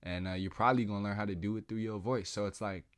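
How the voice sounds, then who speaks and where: A man with a deep, low voice holds forth in a loose, drawn-out monologue. He is slangy and profane and laughs along the way. The sound is dry and close, with no room around it. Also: fairly even intonation, no echo. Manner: drawn-out, musing delivery. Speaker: podcast host. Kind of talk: casual philosophical monologue.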